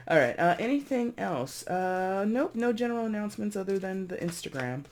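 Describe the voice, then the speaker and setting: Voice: medium pitch, big pitch swings, normal speed, few pauses, a little mellow. A tarot reader giving a casual reading to camera, chatty and rambling, often repeating and correcting themselves, with giggly asides.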